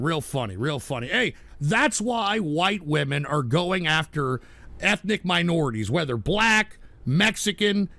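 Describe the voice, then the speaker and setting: A man hosting a call-in radio show, ranting aggressively with a lot of swearing and frequent shouting. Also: high voice, gravelly, no room sound. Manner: aggressive, profane, shouting rant. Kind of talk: live call-in radio rant.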